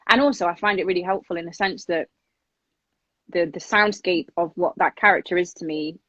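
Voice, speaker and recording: A woman with an English accent chatting casually on a phone livestream, reading fan questions aloud in a brisk, chatty way. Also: lowish voice, a bit bright, no echo. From England. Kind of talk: casual live-stream chat. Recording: dull lo-fi phone audio.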